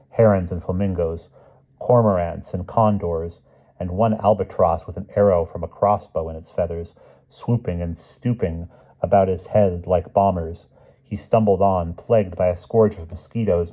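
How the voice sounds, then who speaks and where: A man reading a storybook aloud in a measured way, savoring long lists of words. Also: sits low, narrow, tinny audio. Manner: measured, relishing word lists. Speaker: audiobook reader.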